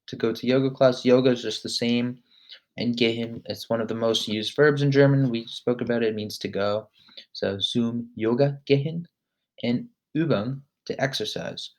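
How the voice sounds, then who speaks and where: A man hosting a casual vocabulary lesson. He talks in a relaxed way, fills pauses with "um", and says each word slowly and then repeats it. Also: medium pitch. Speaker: language lesson host.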